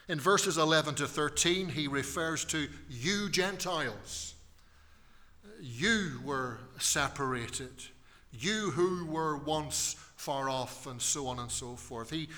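A man's voice: fairly high pitch, takes it slowly, pushed and bright, long reverb tail. A man preaching a sermon in church, emphatic and repeating key phrases for weight.

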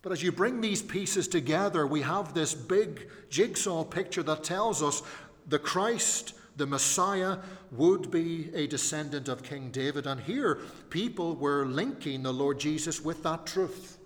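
A man's voice: fairly high pitch, a little slow. A man preaching a sermon, earnest and emphatic, rising on his key phrases. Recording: long hall reverb.

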